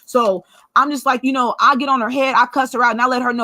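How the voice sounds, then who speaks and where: A woman vlogger telling a personal story in a blunt, profane, animated way. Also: a little high, quick pace, no echo.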